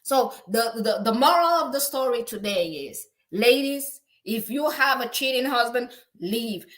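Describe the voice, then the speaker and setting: A woman hosts an opinionated celebrity commentary vlog in a bright, forceful voice that sits a little high. She lectures outspokenly and often stumbles over repeated words as she builds her point. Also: expressive, a little slow. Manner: outspoken, lecturing, with frequent stuttered restarts. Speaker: commentary channel host.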